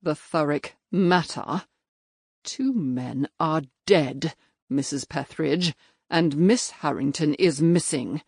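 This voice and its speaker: A woman voicing a stern male major and magistrate who talks in clipped, threatening, quietly forceful lines. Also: low voice, takes it slowly, husky, dry recording, studio quality, full character voice.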